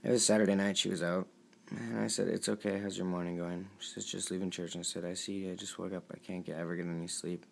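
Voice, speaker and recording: A young man with a deep, heavily gravelly voice reads his text messages aloud. He sounds earnest and pleading, and keeps his voice quiet and downcast. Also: little pitch movement, fast. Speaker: vlogger.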